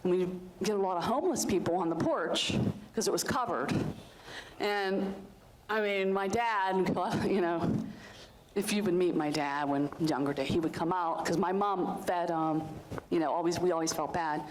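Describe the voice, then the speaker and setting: A woman's voice: fairly low pitch, normal speed, slight background noise, poor audio. A middle-aged woman from Western Pennsylvania, hosting a community show and telling personal stories in a chatty, rambling way. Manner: chatty and warm-hearted, rambling with many asides and fillers. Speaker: host of a community access style show. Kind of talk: casual storytelling to a group.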